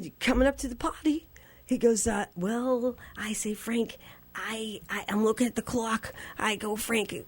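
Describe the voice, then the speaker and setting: A woman, a guest telling a story on a radio show, laughing often and jumping to a squeaky high voice when she plays her younger self. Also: a little mellow. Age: 60s.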